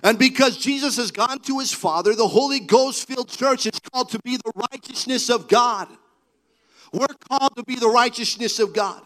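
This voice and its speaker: A man preaching a sermon, building to fervent, half-sung cries, then dropping to a low, earnest delivery. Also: normal speed, poor audio. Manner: preaching with rising, shouted fervor. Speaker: pastor.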